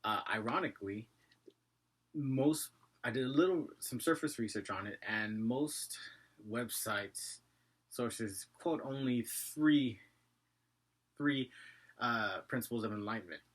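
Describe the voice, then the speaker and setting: A man's voice: mid-range voice, breathy edge. A man with a slight Asian accent, talking casually to camera in a rambling vlog, often correcting himself. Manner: rambling, self-correcting, talks fast. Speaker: vlogger.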